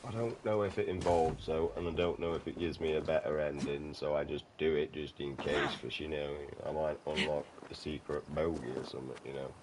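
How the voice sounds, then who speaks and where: A man's voice: a bass voice, noisy background. A young British man with an English accent giving casual, rambling gameplay commentary, swearing often. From England. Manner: swearing, rambling, chatty asides. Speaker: gameplay streamer.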